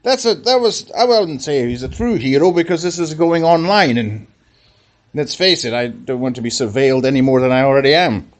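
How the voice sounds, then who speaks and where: A man's voice: mid-range voice, brisk. A man, a comedian rambling through a comic podcast monologue in a mock-serious way.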